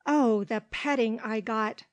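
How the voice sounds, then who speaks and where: A woman narrating an audiobook with steady, clear storytelling. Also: on the high side, takes it slowly. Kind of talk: audiobook reading.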